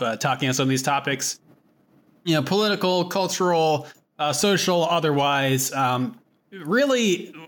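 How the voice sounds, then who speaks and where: A man's voice: a little high, a bit bright. A man co-hosting a podcast in casual chat, rambling and swearing freely. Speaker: podcast co-host.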